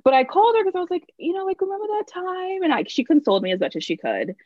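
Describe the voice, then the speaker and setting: Talking very fast with big swings in her high pitch, a young woman rambles through a personal story in a casual podcast chat. She keeps restarting, says "like" constantly, and laughs as she goes; the recording is dry and dull.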